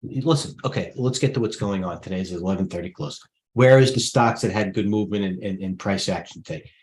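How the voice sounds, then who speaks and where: A man's voice: deep voice, fairly quick, a little mellow. Middle-aged male trading host, brash and blunt, rattles off tickers live to viewers. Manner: blunt, jumpy, talks to viewers directly. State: out of breath. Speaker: stock trading livestream host. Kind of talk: rapid-fire live market commentary.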